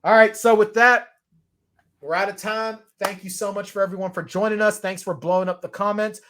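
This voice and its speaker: A man hosting a sports show in a loud, joking, rambling manner. His voice sits high for a man. He chats casually with his co-host. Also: fairly even intonation, fairly quick.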